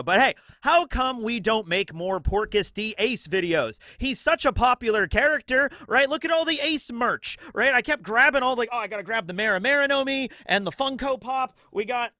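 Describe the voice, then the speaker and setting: A man's voice: extremely high pitch, pushed and bright, no room sound. A man hosting a casual video commentary, rambling along with lots of fillers. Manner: rambling, chatty, heavy fillers. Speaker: YouTube host.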